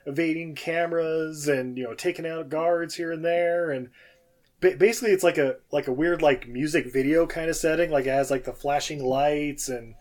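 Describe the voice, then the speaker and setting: A man with a slightly raised voice talks through a film's plot in a relaxed podcast chat. He laughs between beats and jumps into quick impressions of the characters. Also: on the high side. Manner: loose, laughing, acts out characters' lines. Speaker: podcast co-host. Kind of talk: casual film recap chat.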